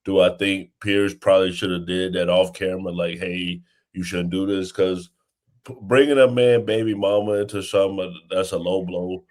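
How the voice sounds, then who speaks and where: A male panelist speaking calmly and with measure in casual talk. His voice is very deep and hardly moves in pitch. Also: normal speed.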